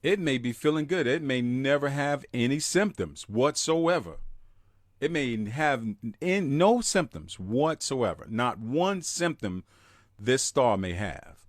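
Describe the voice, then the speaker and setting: Slow, emphatic man hosting a live podcast. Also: mid-range voice, very animated, no echo, studio quality. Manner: emphatic, greets listeners in chat by name. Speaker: podcast host.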